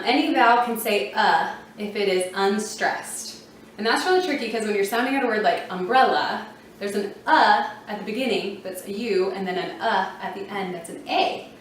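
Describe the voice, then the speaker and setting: A woman explaining reading rules in a relaxed, chatty way, often saying um and spelling out letters one by one. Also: mid-range voice, slight background noise. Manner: chatty, uses fillers like um and you know, spells out letters slowly. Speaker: reading teacher. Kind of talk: casual teaching explanation. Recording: very echoey room, voice from a distance.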